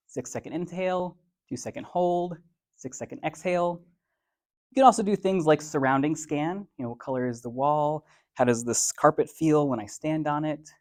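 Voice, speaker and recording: A man's voice: a little high, darkish tone. A man and author giving a conversational, playful motivational talk to a live audience, laying out his points in numbered steps and using casual everyday phrasing.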